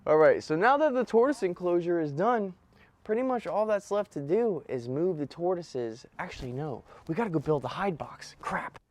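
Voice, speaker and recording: With a high-pitched, expressive voice and a darkish tone, a young man keeps up laid-back, slangy vlog narration at normal speed. He's building outdoors on rural land, recorded on a handheld camera mic.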